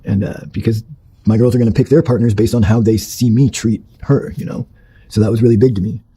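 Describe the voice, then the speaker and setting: A man talking quickly in a very dark, mellow, husky voice as he tells his own story to an interviewer. He is blunt and swears freely, rambling along with fillers and half-finished sentences. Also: lowish voice, steady tone, rough recording. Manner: blunt and profane, with many fillers. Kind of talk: candid personal storytelling.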